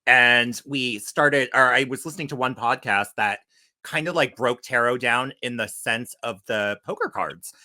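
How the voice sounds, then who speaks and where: A man's voice: medium pitch, normal speed, bright, forceful tone. A man hosting a casual interview, eager and enthusiastic, with a lot of "like". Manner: enthusiastic, with frequent "like".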